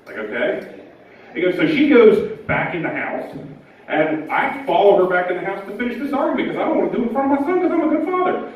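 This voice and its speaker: High-voiced male stand-up comic. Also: sing-song, fast talker. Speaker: stand-up comedian. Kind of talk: stand-up set. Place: live comedy club. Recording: echoey club from far off, dull.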